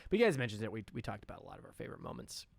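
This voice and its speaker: A man hosting a casual film podcast, excitable and loose with swearing. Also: fairly low pitch, racing, gravelly, no room sound. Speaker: podcast host.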